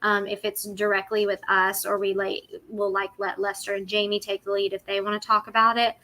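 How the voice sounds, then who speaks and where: A woman hosting a casual livestream chat, talkative and quick to laugh. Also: medium pitch, monotone, bright, forceful tone. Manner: chatty, laughs often. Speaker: livestream host.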